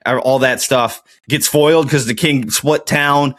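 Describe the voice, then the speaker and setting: A man's voice: mid-range voice, unhurried, no echo. Chatty man thinking aloud on a podcast. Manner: thinks aloud while playing a geography quiz, muttering guesses; excited, rambling TV recap with many fillers. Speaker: podcast host. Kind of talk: casual solo podcast talk.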